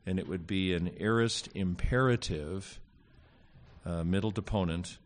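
A man with a fairly low voice lectures on Greek grammar to a class. He speaks haltingly, filling pauses with fillers and slipping in wry asides. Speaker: Greek teacher.

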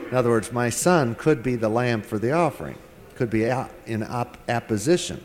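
A man giving a verse-by-verse scripture lecture, working through the text word by word with pauses and filler sounds. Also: mid-range voice, lively intonation, a little mellow, long reverb tail. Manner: deliberate, translating word by word with frequent pauses and fillers. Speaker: Bible teacher.

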